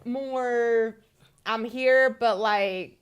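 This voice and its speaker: A woman in her thirties co-hosting a podcast, telling a story in a casual, animated way and acting out the dialogue. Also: a little high, extremely slow, clean tone, muffled recording. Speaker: podcast co-host. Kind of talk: casual conversation.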